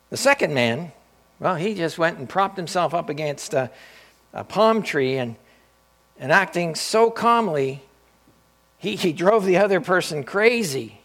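A man's voice: a little high, unhurried, a bit bright. A male pastor preaching a sermon in a storytelling way, often repeating and restarting his phrases. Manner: storytelling, with frequent restarts and repetition.

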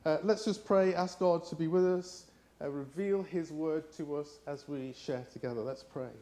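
A man's voice: fairly high pitch, normal speed. A middle-aged man with an English accent, preaching as a guest speaker and telling personal stories with fillers and restarts. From England. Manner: warm storytelling with frequent fillers and restarts. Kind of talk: sermon.

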